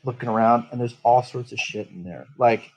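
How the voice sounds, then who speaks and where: Lo-fi audio captures a man with a mid-range voice at a moderate pace, telling his tabletop character's backstory in first person. He's bitter, profane, and rambling.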